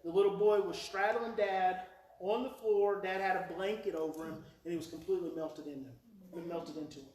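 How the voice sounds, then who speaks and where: High-voiced man telling a story in an echoey hall. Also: moderate pace, slight background noise. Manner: animated storyteller, mimics a screaming child and repeats phrases. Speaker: parenting speaker. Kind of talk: live presentation storytelling. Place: hall with a live audience. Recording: echoey hall, speaker heard from far off.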